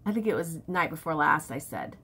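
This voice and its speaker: A woman's voice: deep voice, expressive, brisk, a bit bright, slightly rough. A woman vlogger chatting candidly to camera, telling stories from home life. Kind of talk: casual chat to camera.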